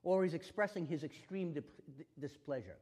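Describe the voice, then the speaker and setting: Guy teaching a safety class, voice jumps all over, kinda high for a man, echoey hall sound. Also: moderate pace. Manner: animated, acts out quoted exchanges. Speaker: self-defense instructor. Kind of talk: spoken teaching talk. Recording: long reverb of a hall.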